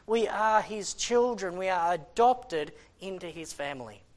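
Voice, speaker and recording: A man's voice: sits high, lively intonation, measured pace. Impassioned male missionary preacher. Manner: impassioned, swings between loud exhortation and quiet, sighing asides. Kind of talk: sermon.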